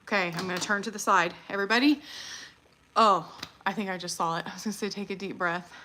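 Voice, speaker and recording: A chatty woman hosts a casual livestream, talking straight to her viewers. Her voice is bright and clear at a middle pitch. She gets excited easily and laughs often. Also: fast talker, slight background noise. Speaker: livestream host.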